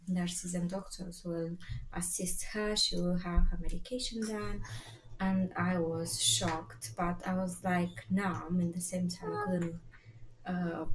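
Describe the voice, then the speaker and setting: A woman with a lowish voice recounts her family's story in a casual vlog. She speaks haltingly, with many fillers and restarts, and quotes the people she talked to. The sound is echoey, with a faint hiss of noise behind her.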